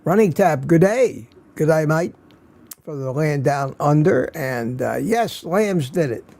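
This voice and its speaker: Greeting each viewer in turn, this older livestream host sounds weary, with a slight slur, and laughs softly between names. His voice is mellow and gravelly, a little higher than typical for a man. He's expressive and somewhat slow, with faint background noise.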